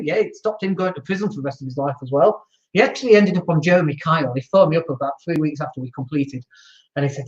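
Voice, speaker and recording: A man hosts a casual motivational talk with a fairly high voice, blunt and animated, swearing freely and acting out the people he quotes. The sound is roomy and a little dull. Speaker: property business host.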